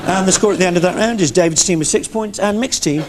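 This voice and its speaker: A man hosting a comedy sports quiz, reading scores and tossing in teasing quips. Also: sits high. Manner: wry, teasing, quick quips. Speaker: quiz show host. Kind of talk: comedy panel show hosting. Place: TV studio with live audience. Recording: loud audience and room noise. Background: studio audience laughter.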